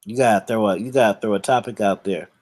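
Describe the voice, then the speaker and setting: A man hosting a casual chat, reading viewer questions aloud and giving shout-outs. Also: lowish voice, fast.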